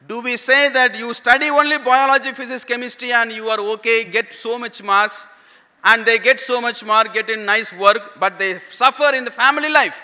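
Preaching man with a bright, high voice. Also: fairly even intonation, moderate pace. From India. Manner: repeats key phrases for emphasis, asks the congregation questions. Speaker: pastor. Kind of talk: sermon. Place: church hall. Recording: church hall with long reverb.

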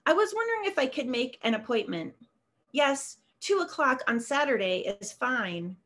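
A woman's voice: sits high, big pitch swings, normal speed, fairly bright tone. A woman voicing a lonely widowed old man who makes phone calls, polite and hesitant.

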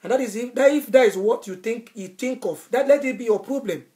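A woman's voice: a little high, fairly quick, warm tone. A woman evangelist preaching a sermon, fervent and repeating her phrases for emphasis. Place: Europe.

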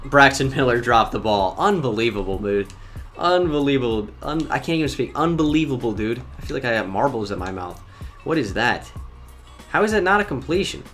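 A young man giving live commentary on his own football video game, excitable and talkative, jumping from loud outbursts to muttered complaints about his players. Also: mid-range voice, brisk, faint music behind. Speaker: gaming YouTuber.

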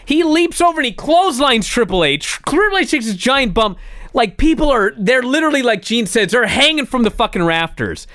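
Lively swearing podcast co-host. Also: mid-range voice, a little fast, no room sound, clean studio sound. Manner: animated storytelling, heavy swearing. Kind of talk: casual wrestling recap chat.

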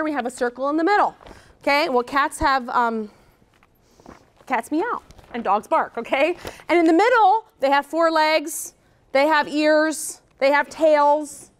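A woman presenting a conference workshop to teachers in an energetic, chatty way, often checking in with "okay?". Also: high-pitched. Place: conference room.

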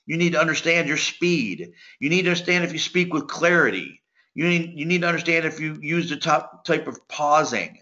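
A man giving a sales coaching lecture, talking very fast so his words sometimes run together. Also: on the high side, animated, bright, forceful tone. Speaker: sales trainer. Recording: dull lo-fi recording.

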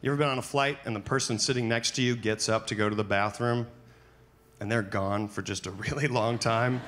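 A man doing a stand-up comedy set on a club stage, playful, often breaking into high panicked voices for his bits. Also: steady tone, a little fast, a bit bright, slight background noise.

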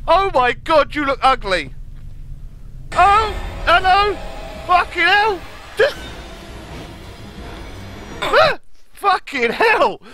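Jumpy, foul-mouthed gamer, high voice. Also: male voice, sing-song, extremely slow, long pauses, pushed and bright, soft background music. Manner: jumpy, swears constantly, yelps at scares. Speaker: gaming streamer. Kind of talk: live horror game reactions.

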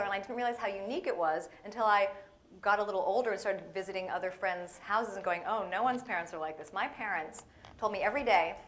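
A woman's voice: mid-range voice, a little hiss or hum. A woman giving a playful, storytelling guest sermon to a church audience, acting out little voices and dialogue as she goes. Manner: animated, playful, acts out voices in stories. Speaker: guest speaker.

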